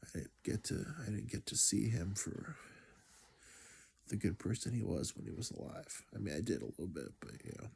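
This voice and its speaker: A man's voice: lowish voice, animated, moderate pace, creaky, darkish tone, a little hiss or hum. A grieving man telling a personal story in a reflective, rambling way, sighing and dropping to near-whispers. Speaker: vlogger.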